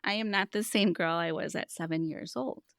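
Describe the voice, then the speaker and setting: A woman's voice: medium pitch, normal speed, vocal fry, a bit bright, clear, resonant tone, dry recording, clean studio sound. A woman in her thirties, a money coach speaking as a podcast guest, telling stories in an earnest, explanatory way. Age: 30s. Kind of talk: casual podcast conversation.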